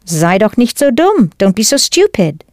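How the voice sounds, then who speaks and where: Woman teacher for a studio language course; lively, encouraging delivery, dry booth sound. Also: medium pitch, normal speed, no echo. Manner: clear, encouraging instruction. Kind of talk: scripted audio lesson.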